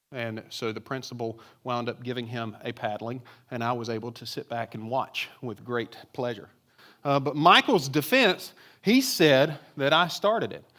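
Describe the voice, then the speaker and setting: In a church before his congregation, a pastor with a mid-range, somewhat bright voice delivers a sermon. His style is conversational, full of rhetorical questions.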